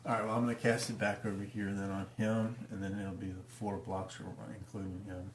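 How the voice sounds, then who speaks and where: A man's voice: on the low side, flat delivery, brisk. A man playing a tabletop game, hesitant and thinking aloud as he plans his move. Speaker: player. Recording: roomy room with faint background noise.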